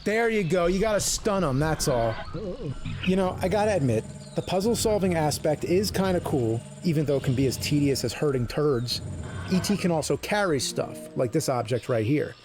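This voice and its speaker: A man giving a comedic retro game review, swearing loudly and exasperated at the game. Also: on the high side, expressive, moderate pace, music in the background. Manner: foul-mouthed, exasperated outbursts.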